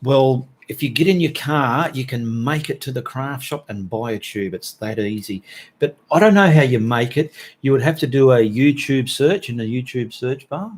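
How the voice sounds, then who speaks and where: A man's voice: mid-range voice, moderate pace. Chatty Australian man hosting a live stream. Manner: chatty and joking, with Aussie slang. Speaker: host reading live chat. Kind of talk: casual live-stream chat.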